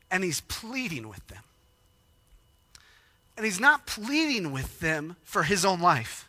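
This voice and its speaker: A man preaching a sermon, emotional and animated, acting out quoted lines with rising intensity. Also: high voice, measured pace, breathy edge, no room sound. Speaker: pastor.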